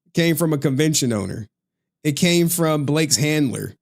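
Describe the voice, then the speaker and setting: A man's voice: on the high side, lively intonation, moderate pace, gravelly. A man on a livestream ranting in a slangy, profane, trash-talking style, laughing often. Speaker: streamer.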